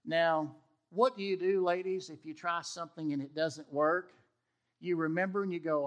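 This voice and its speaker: A high-voiced man preaching a sermon. He tells stories with energy and acts out the voices of the people in them. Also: moderate pace. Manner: animated storytelling, acts out the dialogue of the people he quotes. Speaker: pastor.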